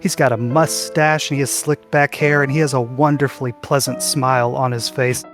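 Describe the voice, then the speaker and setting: A man's voice: medium pitch, steady tone, moderate pace, soft background music. Man narrating as game master. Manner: descriptive, loose, with fillers.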